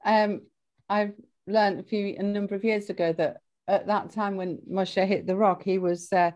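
A woman in a study class speaks up with a question at a middle pitch. She talks earnestly and haltingly, searching for her words as she goes. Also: steady tone, a little mellow. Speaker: class participant.

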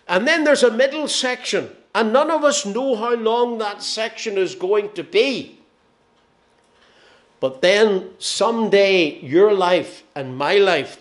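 Older man, northern irish accent, preaching, slightly high voice, homely storytelling, soft and slow at phrase ends. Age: 60s. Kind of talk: sermon.

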